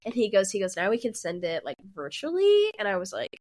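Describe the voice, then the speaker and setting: A woman in her twenties co-hosting a podcast, telling a story in a casual, animated way, often laughing and acting out the people in it. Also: medium pitch, a little fast. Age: 20s. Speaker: podcast co-host.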